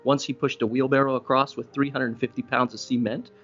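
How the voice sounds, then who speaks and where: Talking a little fast, a pastor delivers his sermon as conversational storytelling, rising animatedly in pitch whenever he emphasizes something. His voice is mid-range, and the slightly dull recording carries faint music beneath it.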